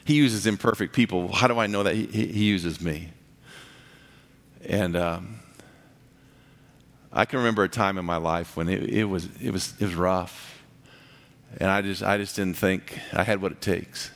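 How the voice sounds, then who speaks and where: A man's voice: steady tone, normal speed, pauses often. A man preaching a sermon, swinging from big rising passages to near-whispers. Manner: dynamic preaching, swelling loud and high then dropping to a hush. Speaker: pastor. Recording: reverberant hall.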